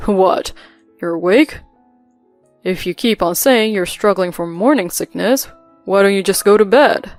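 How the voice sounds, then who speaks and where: A woman's voice: mid-range voice, slow pace, dry recording. A woman voicing a cold, dismissive husband in a narrated story, speaking curtly over faint music. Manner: curt, dismissive.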